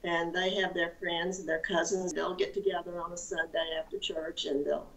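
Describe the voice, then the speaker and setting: An older woman from Mississippi with a thick Southern accent, a guest chef telling family stories gently. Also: on the low side, flat delivery, normal speed, creaky, far from the mic, low-quality recording. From Mississippi, United States.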